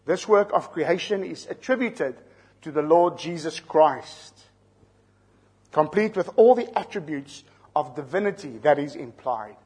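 South african preacher guy, bit high and husky, going through bible verses and explaining words. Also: expressive, measured pace, darkish tone. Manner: teaching, explains terms, asks the listeners questions. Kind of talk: expository sermon.

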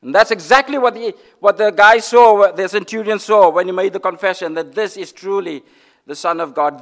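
A man delivers a sermon in a high-pitched voice at a fairly quick clip. He swings between loud declarations and hushed, nearly whispered lines, repeating phrases for emphasis.

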